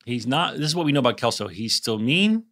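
An excitable man co-hosting a podcast over a remote call, with a middle-pitched, ordinary voice. He chats casually, pokes fun at himself and swears freely. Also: quick pace. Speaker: podcast co-host. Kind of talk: casual chat. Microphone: remote call mic.

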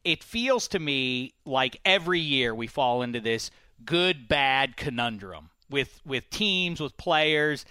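A man hosting a sports talk show, debating football with animated, pointed questions. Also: smooth, no echo. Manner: animated, pointed questioning, jumps in pitch when pressing a point.

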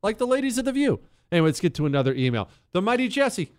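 A man's voice: sits high, very animated, fast talker, clean tone, no echo. A man hosting a talk radio show, delivering an emphatic, opinionated monologue with sarcastic asides into a studio microphone.

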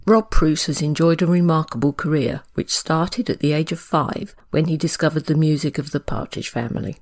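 A woman journalist hosting an interview, asking questions and reading a measured scripted introduction. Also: low voice, a little mellow. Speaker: host and journalist.

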